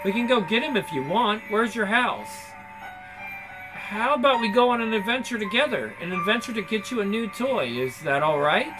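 Brief: man doing a nervous young woman game companion, high and lively, music behind. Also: normal speed, rough recording. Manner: stammering and jittery. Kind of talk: video game voice-over.

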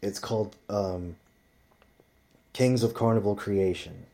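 A man's voice: on the low side, steady tone, takes it slowly, creaky, dark tone. A man telling rambling stories in casual chat, swearing constantly as he talks. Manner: profane, rambling storyteller.

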